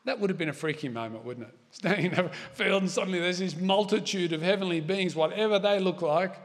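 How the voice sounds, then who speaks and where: A middle-aged pastor preaches a conversational sermon in a fairly high voice. He leans on asides and rhetorical questions to his listeners. His voice rings out with a long reverb, as if heard in a large hall. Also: fast.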